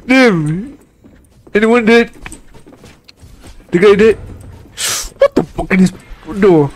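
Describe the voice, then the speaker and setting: A man with a Malaysian accent, Malay as his first language, streaming a game live and reacting with excitable bursts of exclamations. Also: high voice, takes it slowly. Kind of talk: live gameplay commentary.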